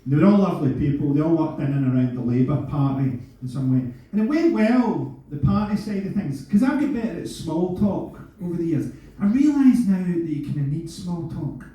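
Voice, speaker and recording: A Scottish man in his fifties doing a stand-up comedy set, dry and sardonic with sudden shouted punchlines. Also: on the high side, lively intonation, fairly quick, hardly any pauses. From Scotland. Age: 50s. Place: large theatre stage before a laughing crowd. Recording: echoey distant theatre audio with audience noise.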